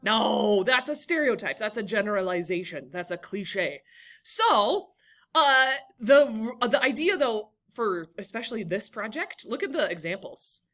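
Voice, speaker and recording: A woman's voice: mid-range voice, very animated, a little slow, a bit bright. A young woman teaching a classroom lesson, encouraging and talking to students by name.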